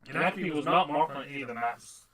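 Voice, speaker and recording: A man's voice: a little high, quick pace, bright, forceful tone. A man running a tabletop game as game master, narrating and making dry, teasing asides.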